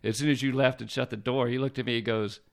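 Fast-talking man recalling old pranks. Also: mid-range voice, steady tone, creaky. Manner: quick, chuckling recollection with quoted dialogue. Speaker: podcast guest, fire lieutenant. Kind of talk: casual storytelling chat.

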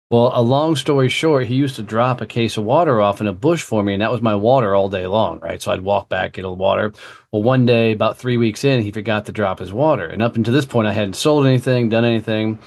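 A man guest telling a blunt, profane story in a casual interview. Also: lowish voice. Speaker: guest, entrepreneur.

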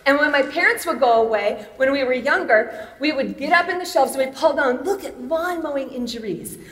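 A woman in her fifties speaks in a slightly high voice, telling personal stories in a chatty, self-deprecating way and laughing often. She sounds amplified through a mic in a large hall, with a roomy echo and a long reverb trailing behind her words. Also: a little fast, a bit bright. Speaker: chapel speaker. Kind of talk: chapel talk with personal stories.

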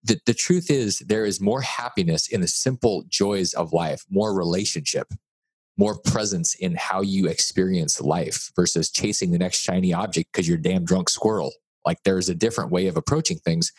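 Low husky-voiced man, dry close sound. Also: moderate pace, no echo. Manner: emphatic, repeats key words, blunt jokes. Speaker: guest author. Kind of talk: podcast interview conversation.

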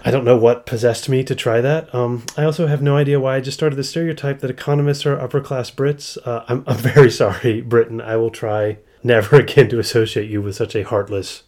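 Wry man with a mellow voice. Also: mid-range voice, lively intonation, fairly quick. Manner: sarcastic, jokey, wry asides. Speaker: podcast host. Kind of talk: podcast monologue with read-aloud quotations.

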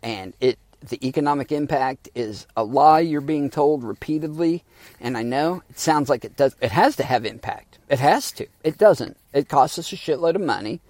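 A man's voice: on the high side, expressive, normal speed, darkish tone, dry recording. A man hosting a solo podcast in a sardonic, rambling, casual way, swearing freely, recorded on a phone in a parked car. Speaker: podcast host. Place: back seat of a parked car.

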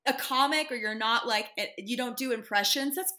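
Bright, high-voiced animated woman. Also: a little fast. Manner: animated, laughing, acts out quotes. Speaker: podcast guest, comedy show producer. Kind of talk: casual chat.

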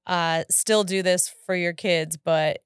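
A woman in her thirties chats with her husband on a family podcast. Her voice sits a bit low and she laughs a lot, quoting her children in playful voices. The sound is dry and close to the mic. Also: fairly even intonation, takes it slowly, clear, resonant tone, no echo. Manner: chatty, laughs often, acts out her kids' voices. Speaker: podcast co-host. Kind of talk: casual chat.

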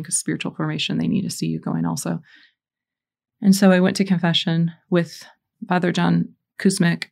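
A woman's voice: lowish voice, creaky, a little mellow. A middle-aged woman hosting a Catholic podcast, talking in an earnest, encouraging, conversational way, mixing stories with teaching and prayer.

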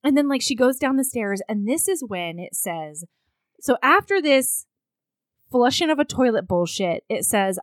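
A woman co-hosting a casual chat, recapping a book in a blunt, crude and animated way. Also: on the high side, normal speed, dry recording.

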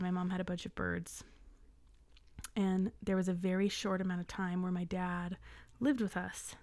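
एक भावुक युवा महिला, सूखी आवाज़ में कहानी सुनाती हुई. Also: female voice, medium pitch, gravelly, darkish tone, no room sound. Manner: emotional, near tears, swearing casually. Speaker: podcast co-host. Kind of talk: casual chat.

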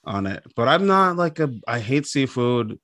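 A man's voice: medium pitch, sing-song, moderate pace, a bit bright, no echo, studio quality. A man telling rambling, self-mocking stories in a casual podcast chat.

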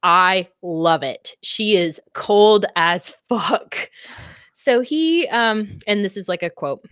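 A woman's voice: mid-range voice, animated, slow, fairly bright tone, clean tone, dry recording, studio quality. A woman co-hosting a book club podcast, recapping a novel in casual chat, laughing often and swearing freely.

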